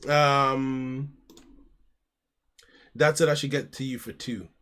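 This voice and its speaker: This man from the United States speaks slowly, his mid-range, slightly bright voice keeping a fairly even intonation. In a casual home live stream, he chats and narrates his card game plays, addressing people as "mate."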